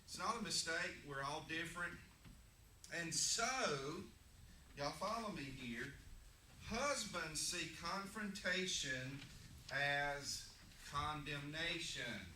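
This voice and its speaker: A man's voice: a little high, animated, slow, bright, forceful tone. Folksy man teaching a church class. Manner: folksy, joking, drawling asides. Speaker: Sunday school teacher. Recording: echoey room, distant mic, noisy.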